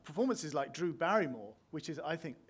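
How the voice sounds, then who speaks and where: Critic guy, kinda high voice, eager and chatty. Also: animated, a little fast, breathy edge. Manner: enthusiastic, playful, chuckling. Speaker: film critic interviewer. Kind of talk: conversational interview.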